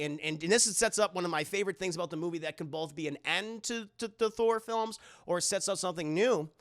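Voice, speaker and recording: A young adult man reviewing a film for a live stream chat, animated and rambling, swearing often. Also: sits high, fast talker, gravelly, hardly any pauses, no room sound, studio quality.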